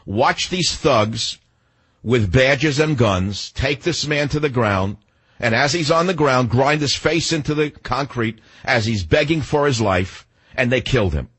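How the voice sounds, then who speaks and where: A man's voice: mid-range voice, expressive, measured pace, a bit bright, slightly rough. An older man hosting a talk radio show, delivering an indignant, combative monologue.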